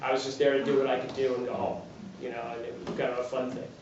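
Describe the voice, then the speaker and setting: A man's voice: medium pitch, little pitch movement, rapid-fire, noisy background. Chatty New man, far and echoey. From New Jersey. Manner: chatty, uses rhetorical questions and acted-out quotes. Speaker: fitness trainer giving a talk. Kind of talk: informal talk to a small audience. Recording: distant, very echoey, dull lo-fi recording.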